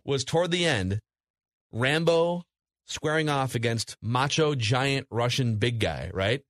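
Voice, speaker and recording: A man co-hosting a podcast, retelling film scenes in an animated, casual way with lots of fillers. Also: medium pitch, slow pace, no room sound, studio quality. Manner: animated storyteller, recounting scenes with hedging fillers. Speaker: podcast co-host. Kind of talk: casual movie review chat.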